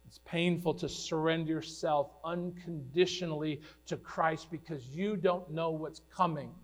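A man preaching a sermon to his congregation, earnest and building to loud declamation when he quotes commands. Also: a little high, steady tone, measured pace. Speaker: pastor.

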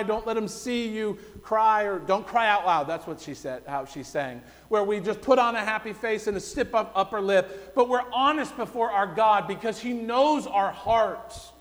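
A male pastor preaching a sermon, moving between loud pleading cries and hushed, quiet stretches. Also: high voice. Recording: long hall reverb.

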